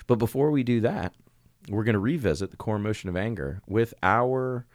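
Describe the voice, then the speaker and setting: Deep-voiced joking podcast co-host, a man. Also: expressive, brisk, no echo, clean studio sound. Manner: easygoing, joking, rambling. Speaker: podcast co-host and care pastor. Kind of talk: casual podcast chat. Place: church recording space.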